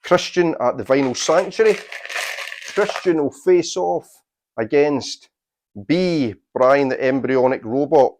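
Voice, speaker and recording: A man, hosting a quiz and announcing its tournament draw in a deliberate, unhurried way with dry asides. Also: fairly high pitch, a little mellow, a little hiss or hum. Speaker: quiz host.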